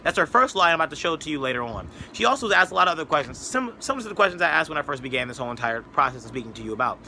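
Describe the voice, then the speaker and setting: A man's voice: fairly high pitch, big pitch swings, racing, vocal fry, bright, forceful tone, slight background noise. A man giving a rambling, sarcastic opinion monologue as a political commentator, mocking others with put-on voices.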